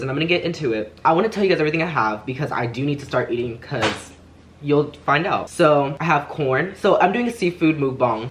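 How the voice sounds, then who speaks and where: A young man chatting excitably as he sets up and eats a seafood mukbang. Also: on the high side, background noise. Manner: excitable, chatty, loud exclamations at spicy food. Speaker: vlogger. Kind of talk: mukbang eating vlog. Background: background music.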